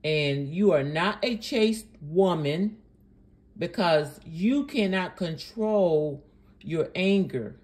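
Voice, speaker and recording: A woman's voice: on the low side, animated, takes it slowly, a little mellow. A woman hosting a reaction channel, commenting sarcastically and indignantly on a preacher's clip.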